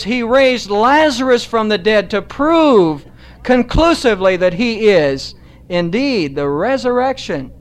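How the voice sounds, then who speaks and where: Preaching with measured emphasis, a man slows his delivery whenever he wants a key phrase to land. He has a high voice with a clear, resonant tone.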